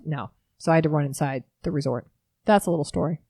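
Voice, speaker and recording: A woman in her thirties chatting as an interview guest, a lively, quick storyteller who pokes fun at herself. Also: deep voice, no room sound. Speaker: guest, startup founder. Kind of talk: casual interview chat.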